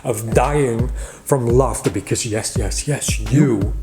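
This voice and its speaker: A man's voice: medium pitch, slow pace. A man hosting a magic vlog, casually reading out viewers' joke comments and teasing an off-camera helper. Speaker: magician host. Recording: background music.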